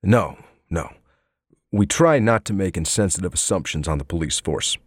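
A sardonic, needling male detective, voiced by a man reading an audiobook. He fires off mocking, probing questions in a low voice that swoops widely. The sound is close and dry. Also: expressive, moderate pace, husky, dry recording. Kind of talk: audiobook character voice.

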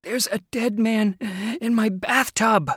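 A man voicing a frightened young man with asthma, breathy, gulping and panicked, in a storybook reading. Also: high-pitched, extremely slow, a bit bright, dry recording, studio quality, pitched above the performer's own voice, heavily acted.

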